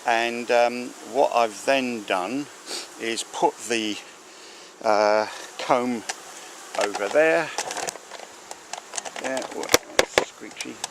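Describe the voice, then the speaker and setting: Next to an outdoor hive, a man draws out his words in a mid-range voice while giving chatty, meandering, filler-laden commentary on his beekeeping. Bees buzz clearly in the background of this handheld or mounted camera recording.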